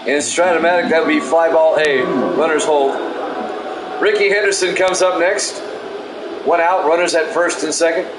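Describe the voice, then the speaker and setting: A man calling play-by-play of a simulated baseball game in a calm, soothing way, chatting with viewers between pitches, with no regional accent. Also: moderate pace. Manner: calm, self-described soothing delivery with asides. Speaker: play-by-play announcer. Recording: echoey room with loud background noise.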